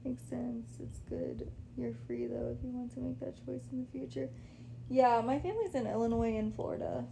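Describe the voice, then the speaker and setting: A young woman chats loosely with viewers on her phone while lying in her apartment, leaning on "like" and "y'all" at every turn. Her voice sits a bit high but has a warm, mellow color, with plenty of gravelly fry. A faint hum runs under the recording. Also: moderate pace. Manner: chatty, laid-back, says "like" and "y'all" a lot. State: pregnant, a little out of breath. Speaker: livestreamer. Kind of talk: casual livestream chat.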